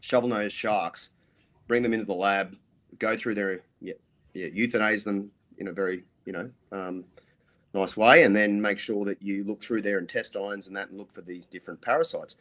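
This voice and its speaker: A man's voice: fairly low pitch, steady tone, normal speed, fairly bright tone. A middle-aged Australian man, a podcast guest, telling rambling stories full of ums and restarts. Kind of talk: casual interview storytelling.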